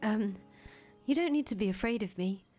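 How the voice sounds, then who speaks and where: A woman's voice: mid-range voice, lively intonation, moderate pace, a little mellow, faint music behind, natural voice. A woman voicing an earnest young foreign traveler who talks chattily and stammers when she gets nervous, in a fan voice acting of a visual novel.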